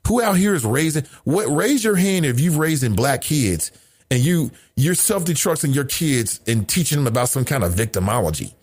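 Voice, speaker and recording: Male show host, middle-aged, lively swooping delivery, blunt, profane, fires off rhetorical questions. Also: a little high, moderate pace, breathy edge. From United States. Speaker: podcast host. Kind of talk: casual commentary monologue.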